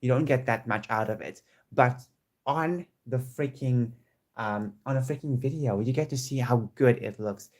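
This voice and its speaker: Casual home vlogger, male, mid pitch, eager and rambling, restarts his sentences a lot. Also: moderate pace. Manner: chatty and excitable, with many restarts. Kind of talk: casual chat to camera. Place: home room with squeaky chairs.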